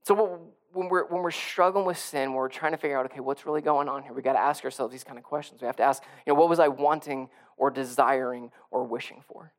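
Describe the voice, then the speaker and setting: A man's voice: medium pitch, fairly even intonation, fast talker, few pauses. A male pastor preaching a sermon in a conversational way, often repeating and restarting phrases and building to emphatic peaks.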